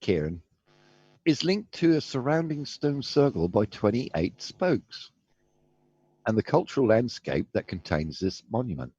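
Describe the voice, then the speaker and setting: A man's voice: medium pitch, big pitch swings, unhurried, dark tone, husky. A man reading a passage aloud in a casual voice chat, hesitant and stumbling over words. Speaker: reader in the group. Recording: dull lo-fi voice chat.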